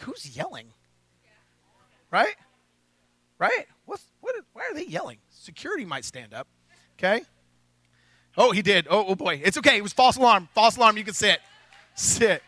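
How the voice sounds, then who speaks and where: A man's voice: very high-pitched, pushed and bright, dry recording. A pastor preaching a sermon to his congregation, joking and talking casually, often asking the crowd "right?". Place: church hall with a congregation.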